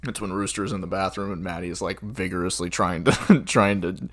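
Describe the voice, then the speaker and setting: A man's voice: sits low, fairly even intonation, a little fast, fairly bright tone, dry recording. A man co-hosting a podcast, chatting casually and enthusiastically about a favorite film. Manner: enthusiastic, quotes movie lines with light laughter. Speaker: podcast co-host.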